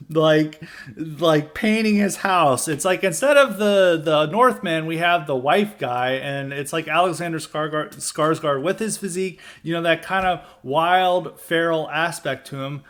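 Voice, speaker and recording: A man's voice: fairly high pitch, unhurried, fairly bright tone. A young man hosting a podcast, talking in a rambling, sardonic commentary style full of "like" and "you know". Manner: sardonic, mocking mimicry of others. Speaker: podcast host. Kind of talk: casual political commentary monologue.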